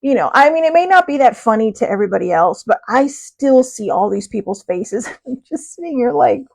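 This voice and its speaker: A woman hosting her own show tells a story in a loose, chatty way, poking fun at herself as she goes. Her voice sits a little high, with a gravelly edge and a husky grain. Her pitch swings widely through the telling. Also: lively intonation, brisk, darkish tone. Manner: chatty, laughing, self-deprecating. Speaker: podcast host. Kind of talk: casual storytelling.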